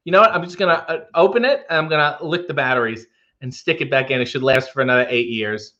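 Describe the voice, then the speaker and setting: A man hosting a casual livestream, reading viewer comments aloud with wry, deadpan asides. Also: a little high, fast, highs cut off. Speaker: livestream host.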